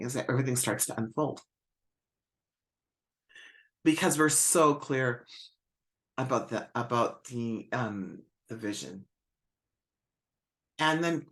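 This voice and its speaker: Woman coaching with gentle rhetorical questions. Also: very deep voice. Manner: encouraging, searching for words, asks many rhetorical questions; often adds a soft "right?" after points. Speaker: spiritual business coach. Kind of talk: live-stream coaching talk.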